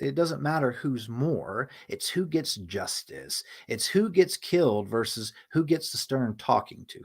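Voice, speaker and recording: A man's voice: medium pitch, vocal fry. A man hosting a stream, telling a story in a casual, profane monologue and acting out the voices of people he quotes. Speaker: livestream host.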